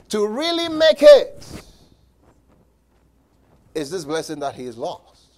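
A man preaching a sermon as pastor, emphatic, with repeated words and dramatic pauses. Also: high voice, a little mellow.

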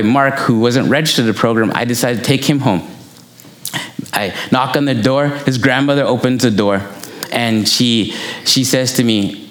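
A man's voice: medium pitch, fairly bright tone. A man preaching a sermon, telling personal stories in a conversational way and quoting himself as he goes. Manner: conversational, anecdotal, quotes himself. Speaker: preacher and missionary. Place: church. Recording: echoey church room.

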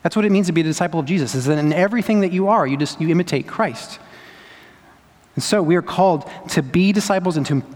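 A man's voice: fairly high pitch, quick pace, darkish tone. A man preaches to his congregation, his slightly raised voice ringing through a hall with a long echo. He drives points home with repetition and rhetorical questions. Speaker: pastor. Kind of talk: sermon.

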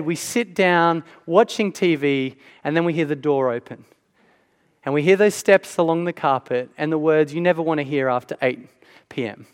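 A high-pitched man delivers a sermon to his congregation in a smooth, conversational way, repeatedly asking "right?" His voice rings out with a long reverb in a large hall.

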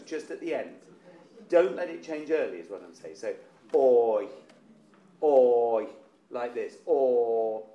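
Choir director in an echoey room. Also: male voice, fairly high pitch, a little mellow. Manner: encouraging, demonstrates vowels by singing. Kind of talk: choir rehearsal coaching. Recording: roomy echo with faint instrument.

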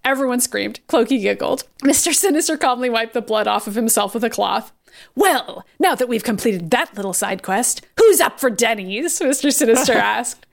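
A woman's voice: fairly high pitch, lively intonation, normal speed, vocal fry. A woman co-hosting a podcast, reading fan fiction aloud in a casual, amused way. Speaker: podcast co-host.

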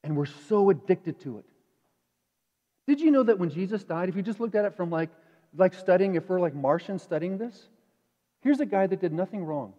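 A male pastor preaching a sermon in a conversational, animated way, asking the congregation questions. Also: sits high, normal speed. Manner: animated, acts out inner voices. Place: church sanctuary. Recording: dull reverberant church hall.

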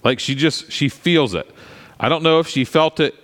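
A pastor giving a sermon in a conversational, animated way, with frequent asides to the congregation. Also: male voice, a little high, normal speed. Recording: long hall reverb.

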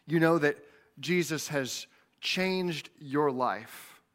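A man's voice: on the high side, slow pace, fairly bright tone. A man preaching a sermon as pastor, earnest, often repeating words as he goes.

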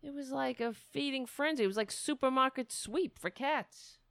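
A woman's voice: high voice, normal speed, vocal fry, fairly bright tone, no room sound, clean studio sound. A middle-aged woman hosting a casual livestream, rambling and self-mocking as she chats to viewers and her cat. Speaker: livestream host.

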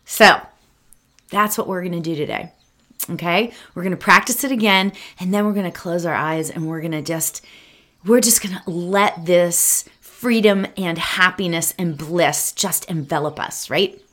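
A woman's voice: on the low side, moderate pace, a bit bright. A woman teaching a guided meditation, chatty and upbeat, often adding "right?", with a musical, sing-song way of speaking.

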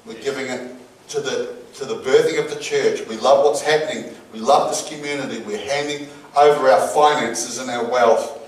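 Heard from far off in a reverberant hall, a male pastor weaves a story into his sermon, performing the different voices in it. His pitch is mid-range, his intonation fairly even, and his pace moderate.

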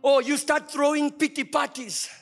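High-pitched, bright-voiced pastor preaching. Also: male voice, steady tone, moderate pace, soft background music. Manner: preaching with sudden shouts and soft drops. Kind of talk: sermon. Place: church.

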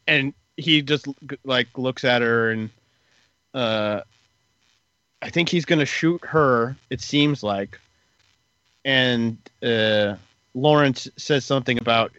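Guy chatting loosely about a show, bright voice, kinda dull lo-fi sound, dry room. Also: mid-range voice, a little slow, no echo. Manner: relaxed, rambling retelling with many fillers. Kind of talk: casual podcast recap chat.

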